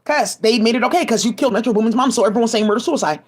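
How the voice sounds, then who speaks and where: A woman's voice: fairly high pitch, racing, breathy edge. A woman giving rambling, profane commentary full of restarts, agitated asides and fillers, speaking into a home mic. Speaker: commentary vlogger.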